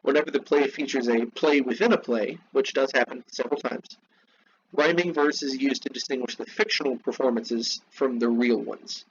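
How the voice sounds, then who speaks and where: A man teaching a literature class, reading from a text and breaking off into slow, repeated explanations and asides to his students. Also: mid-range voice, muffled recording, a little hiss or hum. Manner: slows down to spell out terms, asides to students.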